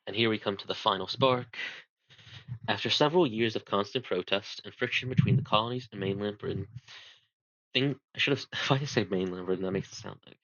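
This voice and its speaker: Lowish male voice, casual history talk, rambling, fillers, dry muffled home recording. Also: a little fast, fairly bright tone, no room sound. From United States. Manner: rambling, self-deprecating, many fillers. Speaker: amateur presenter.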